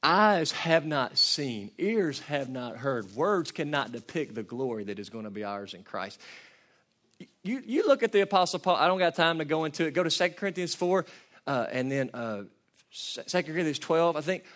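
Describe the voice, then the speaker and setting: A man preaching a passionate sermon, building from quiet reflection to shouted peaks. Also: fairly high pitch, expressive, normal speed. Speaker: pastor.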